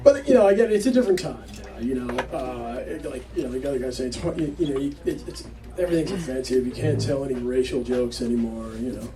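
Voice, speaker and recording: A man's voice: medium pitch, fast. A man doing a rambling stand-up story set in a small comedy club, chatty and full of fillers, picked up from a distance with the crowd laughing. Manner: conversational, rambling with fillers, acts out quotes.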